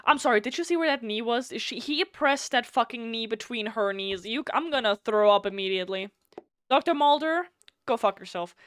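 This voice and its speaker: A woman, a native German speaker, streaming a game with casual commentary, animated and swearing freely while reading text aloud. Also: a little high, fairly quick, few pauses, clear, resonant tone, no echo, studio quality.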